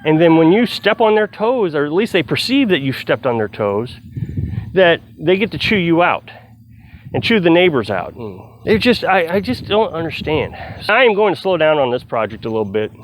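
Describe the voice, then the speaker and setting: A man's voice: on the high side, very animated, moderate pace, slight background noise. A man vlogging outdoors while cutting firewood, talking casually to the camera in a rambling way, restarting his sentences as he retells a story. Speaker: vlogger on off-grid living.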